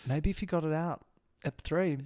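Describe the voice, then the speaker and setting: A young man hosting a podcast, chatting casually and gossiping about a reality show, acting out quotes in quick bursts. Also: a little high, darkish tone, a little hiss or hum. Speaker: podcast host.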